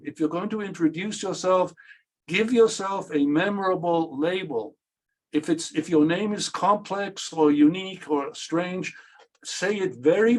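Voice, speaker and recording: Emphatic man giving a workshop talk. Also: a little high. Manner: emphatic, repetitive, slight stammer. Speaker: workshop presenter. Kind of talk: instructional talk.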